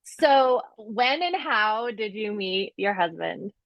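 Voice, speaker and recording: A woman hosting a casual interview, reacting with quick exclamations and questions. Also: medium pitch, animated, vocal fry, dull audio. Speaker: podcast host.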